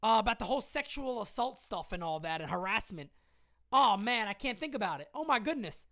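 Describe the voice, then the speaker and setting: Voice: mid-range voice, big pitch swings, fairly quick, a bit bright. A woman hosting a live-stream sports commentary show, emphatic and argumentative as she answers comments from her chat. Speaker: host.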